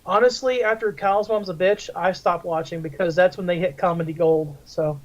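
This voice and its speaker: A man's voice: sits high, steady tone, a little fast. Crude, rambling man telling a story. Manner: crude, rambling and swears freely. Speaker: radio show host and wrestler. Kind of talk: casual talk-radio storytelling. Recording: dull lo-fi audio.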